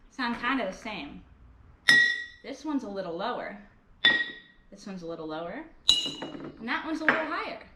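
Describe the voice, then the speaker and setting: Bright, echoey young woman teaching kids. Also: fairly high pitch. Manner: cheerful, slow and clear, talks to kids. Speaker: children's music teacher. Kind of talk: lesson for young children. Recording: echoey kitchen with clear background noise.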